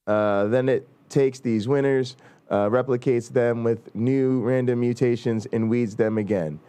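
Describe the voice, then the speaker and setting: A man's voice: medium pitch, steady tone, dark tone, clear, resonant tone. A male host chatting loosely and then reading an academic text aloud with many fillers. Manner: loose, profane, halting with fillers while reading. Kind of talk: casual talk and reading aloud.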